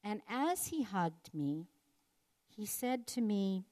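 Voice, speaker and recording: A woman's voice: medium pitch, very animated, slow, mellow. An older woman telling a personal story in an earnest, reflective devotional talk. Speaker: speaker sharing a personal story.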